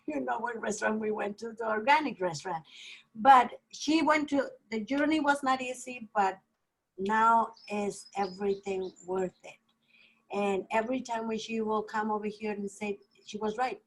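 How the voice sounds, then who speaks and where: A woman team leader telling an animated story on a video call, acting out the lines of others. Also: a little high, poor audio.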